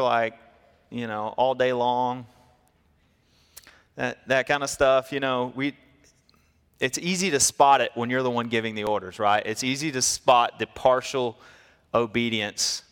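A man preaching a sermon, telling stories in a lively way and acting out the people in them. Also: medium pitch, normal speed, clean tone, big-room sound. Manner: storytelling, animated, acts out quotes. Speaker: pastor.

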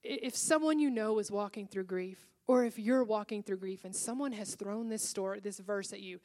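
A woman's voice: medium pitch, normal speed, dark tone. A woman pastor preaching to a congregation in a church, telling a personal story in an earnest, emotional way. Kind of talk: sermon with personal testimony.

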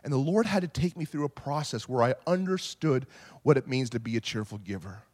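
A man preaching a sermon, animated, swinging from quiet reflection to shouting. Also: mid-range voice, fairly quick. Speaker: pastor.

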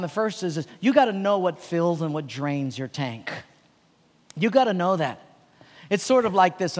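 A man speaking as a pastor at a leadership conference, telling a lively personal story and laughing along with it. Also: sits high. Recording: long hall reverb.

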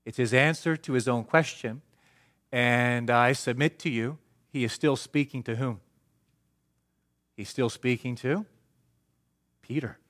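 A man preaching a sermon, asking the congregation questions and answering them himself, swinging from emphatic to hushed. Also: medium pitch, unhurried, long pauses.

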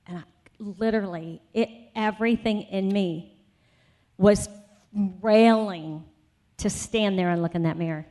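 A woman speaking at a conference, sharing a personal faith testimony. Her voice sits at an ordinary middle pitch. She tells her story in a loose, chatty way, full of asides and fillers, and presses into firm, emphatic conviction as she makes her point. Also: a little slow, mellow. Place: conference session.

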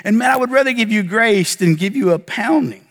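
A man preaching a sermon as pastor, earnest, with dramatic pauses and emphatic lists. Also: high-pitched, animated, gravelly, a bit bright, big-room sound.

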